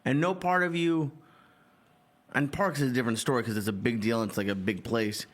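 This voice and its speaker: A man in his thirties co-hosts a casual comedy chat. His voice sits at a middle pitch. He talks earnestly and rambles, leaning on filler words. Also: fairly even intonation, a little fast. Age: 30s. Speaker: comedian co-host.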